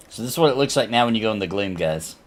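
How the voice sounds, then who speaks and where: A man streaming a game live, chatting to his viewers and laughing often as he plays. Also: lowish voice. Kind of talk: live gameplay commentary.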